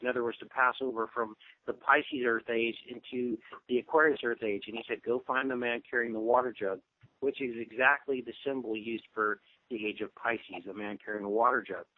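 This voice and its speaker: A man's voice: mid-range voice, moderate pace, dry recording. Lecturing man over a phone line. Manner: lecturing, steady, with frequent ums. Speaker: guest. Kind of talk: casual radio interview talk. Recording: dry tinny phone-line sound.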